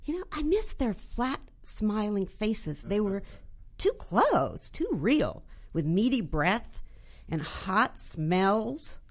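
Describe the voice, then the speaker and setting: A woman author from Los Angeles, reading her short fiction in a deadpan way and then chatting as a radio guest. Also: medium pitch, slow pace. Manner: deadpan reading, laughing in chat.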